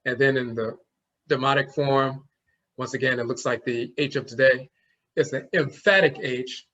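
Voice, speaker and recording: Guy teaching an online class, talks it through slow, demos the sounds, kinda dull lo-fi audio. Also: medium pitch, fairly even intonation, fairly bright tone. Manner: explains slowly, demonstrates sounds aloud.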